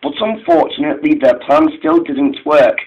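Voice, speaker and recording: A man's voice: on the high side, expressive, highs cut off, background noise. A man narrating a fan-made train story, stumbling and restarting his sentences often. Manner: halting, frequent restarts.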